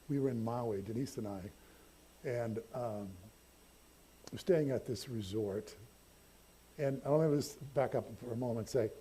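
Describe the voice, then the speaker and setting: A man's voice: medium pitch, dark tone, husky. An older man, a pastor, telling a personal story in a conversational, self-deprecating sermon. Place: church sanctuary.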